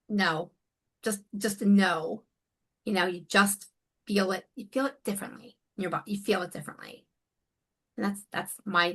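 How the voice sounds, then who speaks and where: A woman's voice: mid-range voice, a bit bright. A woman life coach speaking as a guest in a conversational interview, earnest and emphatic. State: near tears.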